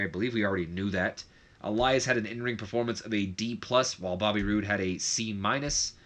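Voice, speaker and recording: A young man gives casual game commentary in a fairly low, bright and forceful voice. He rambles in a friendly way, drops plenty of fillers and corrects himself mid-sentence. Now and then he slips into quick mock voices of the people he talks about. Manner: chatty, frequent fillers and self-corrections.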